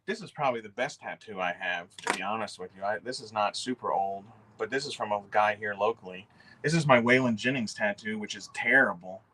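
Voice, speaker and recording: A man's voice: mid-range voice, pushed and bright. A man hosting a livestream, rambling casually, cursing often and answering the chat. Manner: rambling, profane, reads chat aloud. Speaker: livestream host.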